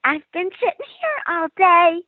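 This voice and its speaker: A woman putting on a little ghost girl's voice, high and soft and plaintive, thin like it's coming down a phone line, no room sound. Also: sing-song, measured pace, dry recording, exaggerated voice.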